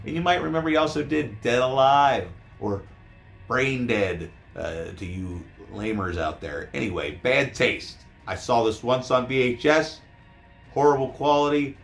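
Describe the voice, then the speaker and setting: A man vlogging about his collection, rambling and cursing, veering between loud rants and mutters, a little hoarse. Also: mid-range voice. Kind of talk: casual profane vlog.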